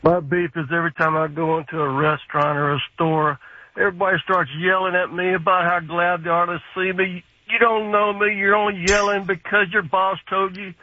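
Male radio caller, high voice, blunt and grumpy, tinny phone line. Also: flat delivery, a little fast, dry recording. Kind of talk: call-in complaint.

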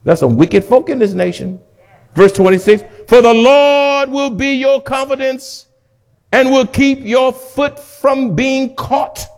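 Preacher, male, high-pitched, slow unhurried delivery, swings between quiet reading and loud exhortation. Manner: exhorting, calls for congregation to repeat. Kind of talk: sermon.

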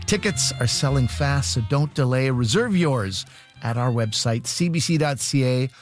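A man hosting a radio comedy show, briskly reading scripted announcements and introducing acts from a studio. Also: mid-range voice, lively intonation, music in the background. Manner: brisk, promotional.

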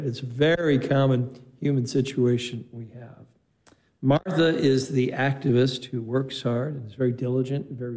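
A man's voice: medium pitch, warm tone, rough recording. A man preaching a homily in a chapel, telling stories conversationally and quoting dialogue. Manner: conversational storytelling with quoted dialogue. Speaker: priest.

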